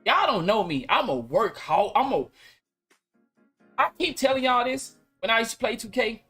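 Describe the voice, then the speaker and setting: A man hosting a podcast live stream, telling stories in loose, animated casual talk full of slang and repeats. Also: extremely high pitch, moderate pace, slightly rough, faint music behind.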